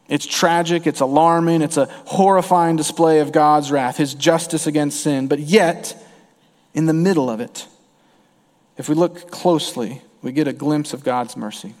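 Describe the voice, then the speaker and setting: A man's voice: on the high side, a little mellow, long reverb tail. A man preaching a sermon as a pastor, earnest, with his voice rising and falling for emphasis.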